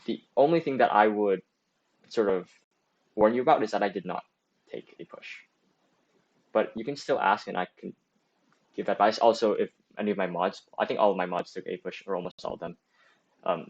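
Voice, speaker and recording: A late-teen guy hosts a student stream, giving advice in loose, casual livestream talk and responding to chat as he goes. His low-leaning voice rambles along fairly quickly with frequent pauses, packed with "like," fillers, restarts, and self-corrections. The audio is dull and lo-fi, as if from a cheap streaming mic.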